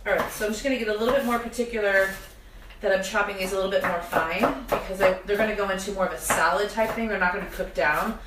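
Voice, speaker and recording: A woman's voice: mid-range voice, quick pace, reverberant, far from the mic, noisy background. A young woman hosting a live cooking demonstration in her home kitchen, chatting directly to viewers with self-deprecating humor while her eyes water from onions. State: teary-eyed from onions. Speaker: cooking show host. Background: kitchen clatter of pots and dishes.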